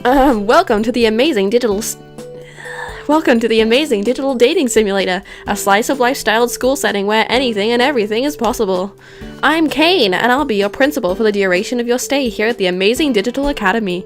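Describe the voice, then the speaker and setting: A woman voicing a showy male principal who hosts a game, reading in a quick, announcer-like way. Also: fairly high pitch, soft background music, lightly acted. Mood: grand.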